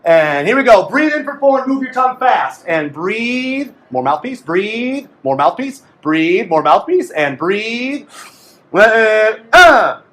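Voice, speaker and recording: Man, very high voice, playful clarinet teacher, coaching a class, echoey room, distant mic. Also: very animated, measured pace, few pauses, a bit bright. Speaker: music teacher. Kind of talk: group clarinet lesson.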